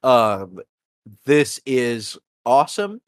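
A man hosting a casual wrestling podcast, talking in halting bursts with lots of fillers. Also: mid-range voice, big pitch swings, clean tone, dry recording, studio quality. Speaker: podcast host. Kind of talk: casual chat.

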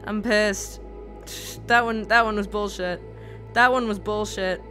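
A woman's voice: mid-range voice, fairly even intonation, a little slow, over music. A woman streaming a video game live, frustrated and swearing, repeating herself as she talks to her chat.

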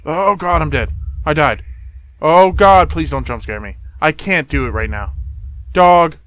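Jokey, animated male game streamer. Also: mid-range voice, moderate pace. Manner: jokey, talks to the game, jumpy exclamations. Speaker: gameplay streamer. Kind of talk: let's play commentary.

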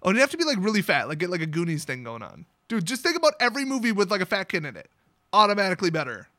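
A man's voice: sits high, sing-song, racing, pushed and bright, dry recording, studio quality. A man sarcastically retelling a fantasy story, with rambling, mocking asides. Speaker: channel host.

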